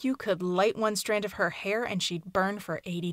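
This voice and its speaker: A woman narrating a short story aloud in a soft, hushed, measured reading. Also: medium pitch, fairly even intonation, no echo, studio quality. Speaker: audiobook narrator. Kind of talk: scripted fiction narration.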